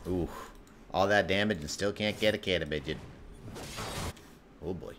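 A man giving live gameplay commentary, excitable and profane, breaking into sudden yells. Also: deep voice, normal speed, noisy background. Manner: excitable, swearing, bursts into yelling. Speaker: gameplay streamer.

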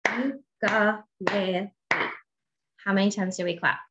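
A woman teaching a phonics lesson to young children, sounding out letters slowly and encouraging them to answer. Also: mid-range voice, expressive. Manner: slow, drawn-out sounding of letters and words; encouraging, asks questions and waits. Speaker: kindergarten teacher. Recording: dull lo-fi audio with faint noise.

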